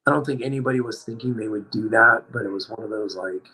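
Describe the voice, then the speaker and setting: A man telling a story on a podcast, in a rambling, animated way, leaning hard on "like.". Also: lowish voice, quick pace, low-quality recording. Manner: rambling, animated, heavy use of "like". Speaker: podcast guest. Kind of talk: casual storytelling chat.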